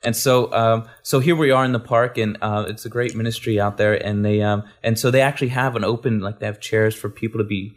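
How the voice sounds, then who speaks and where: A man's voice: lowish voice, fairly even intonation, fairly quick, few pauses. A man, a guest minister, telling a testimony story in a rambling way, full of restarts and asides.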